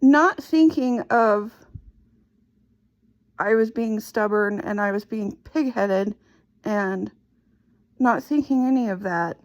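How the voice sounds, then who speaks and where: A middle-aged woman slowly and haltingly retelling a painful personal story. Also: medium pitch. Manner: slow, halting, emotional retelling. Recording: dull lo-fi recording.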